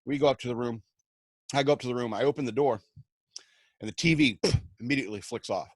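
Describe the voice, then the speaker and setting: A man's voice: mid-range voice, fast, dry recording. A man on a radio show, telling self-mocking comic anecdotes and acting out the quotes along the way. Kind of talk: comic storytelling.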